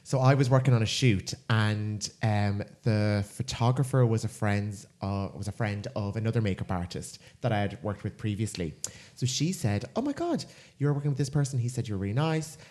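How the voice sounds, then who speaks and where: A man's voice: on the low side, moderate pace, hardly any pauses. An Irish man co-hosting a podcast, telling a funny story in a casual chat and acting out the voices in it. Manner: animated storyteller, acts out quoted voices. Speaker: podcast co-host.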